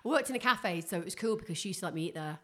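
A woman chatting quickly and eagerly, stringing her stories together with lots of "like" fillers. Her pitch sits in the middle range, and she keeps up a brisk pace. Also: lively intonation, pushed and bright. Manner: chatty, enthusiastic storyteller with many "like" fillers. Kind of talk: casual chat.

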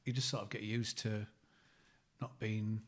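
A man's voice: lowish voice, flat delivery, unhurried. A man in casual chat, joking and putting himself down, often laughing. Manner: jokey, self-deprecating, laughs often.

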